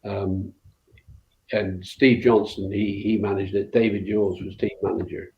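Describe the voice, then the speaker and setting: A man's voice: on the low side, flat delivery, a little slow, slight background noise. An older man with a West Country accent, a former rally co-driver telling long stories in an interview, rambling with lots of fillers and restarts. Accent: West Country English. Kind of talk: anecdotal interview storytelling. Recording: roomy, dull lo-fi sound.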